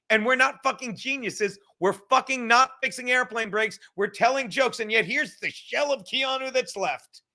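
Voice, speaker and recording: A man hosting a casual livestream podcast, talking in a rambling, animated way full of swearing. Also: very high voice, normal speed, hardly any pauses. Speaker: podcast host.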